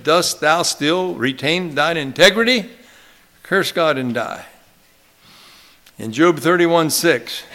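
A man with a slightly high, fairly bright voice preaches a sermon, quoting scripture in old-fashioned phrasing. He draws out phrases for emphasis and leads the congregation in call-and-response, having them repeat a line.

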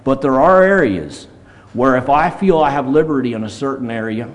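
A man with a medium-pitched, expressive voice preaches at a moderate pace at a church service. He is earnest and plainspoken, and the scripture he reads aloud follows King James wording.

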